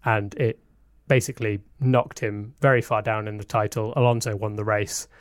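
A man's voice: fairly low pitch, little pitch movement, moderate pace, dry recording, studio quality. A man co-hosting a casual podcast chat, explaining details at length with a self-mocking streak. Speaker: podcast co-host.

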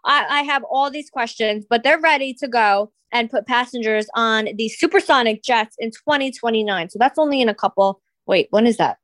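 A woman's voice: a little high, a bit bright, no room sound. A woman co-hosting a podcast, chatting casually in a sassy, teasing way. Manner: sassy, teasing, quick reactions. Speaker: podcast co-host.

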